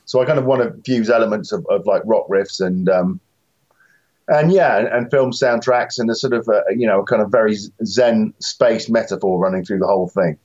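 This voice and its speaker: A man's voice: on the low side, moderate pace, darkish tone, lo-fi sound. A man, a musician guest, talking casually and self-deprecatingly in an interview, with many fillers and restarts.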